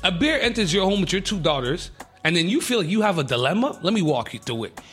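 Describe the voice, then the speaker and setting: A man hosting a radio show, reading the news in a casual, excitable way with jokey asides. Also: sits high, fast talker, breathy edge, faint music behind.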